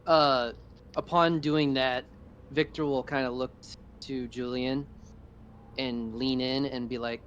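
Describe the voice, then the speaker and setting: A man playing in a tabletop role-playing game, hesitant and unhurried. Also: medium pitch, flat delivery, fairly bright tone, slight background noise. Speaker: player.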